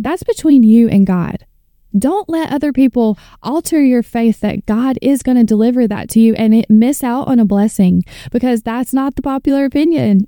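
A woman's voice: on the high side, mellow, smooth, dry recording. A woman in her thirties hosting a faith podcast, reading scripture and speaking with earnest, preacher-like fervor into a close mic. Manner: fervent, earnest, preacher-like build-ups. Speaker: podcast host and author.

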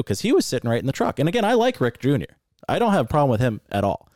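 A man's voice: on the high side, huge pitch swings, racing, darkish tone, no room sound, clean studio sound. Angry, profane man telling a story. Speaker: podcast co-host. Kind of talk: casual storytelling rant.

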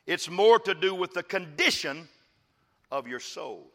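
A man from West Texas preaches from a church stage and calls on the congregation to repeat after him. His voice is high and sharp-edged. Long reverb from a large hall trails behind each phrase. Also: sing-song, a little slow. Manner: preaching with call-and-response, emphatic. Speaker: pastor. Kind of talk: sermon.

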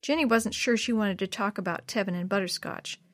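A woman narrating a children's storybook in a gentle, steady read-aloud manner. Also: medium pitch, fairly quick, no room sound.

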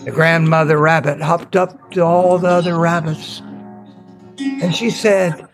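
A man telling a folktale in an improvised, slow and measured storytelling manner. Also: a little high, fairly even intonation, music in the background, poor audio. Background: veena accompaniment.

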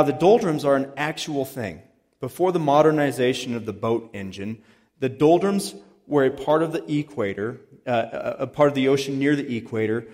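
A man's voice: mid-range voice, darkish tone. Storytelling preacher man in a reverberant hall. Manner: conversational storytelling. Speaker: pastor. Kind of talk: sermon.

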